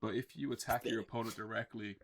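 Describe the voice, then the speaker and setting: A man's voice: fairly low pitch, fairly even intonation, fast, noisy background. A man co-hosting a podcast in casual chat, confidently explaining details. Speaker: podcast co-host.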